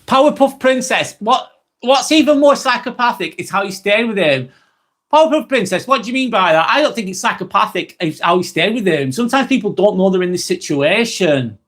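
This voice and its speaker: A man's voice: high-pitched, expressive, fairly quick, few pauses, fairly bright tone. A man hosting a live vlog, talking bluntly and expressively, swearing freely and reading out chat comments.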